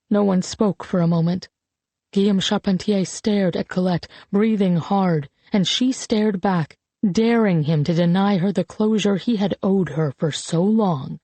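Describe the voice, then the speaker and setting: An audiobook narrator reads a novel in scripted narration, using a measured, even storytelling voice. The pitch is medium and there is no echo.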